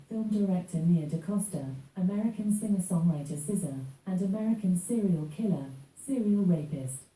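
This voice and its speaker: A female smart speaker voice answering questions in an even, polite, informative way. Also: lowish voice, far from the mic. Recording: echoey room, heard from across it.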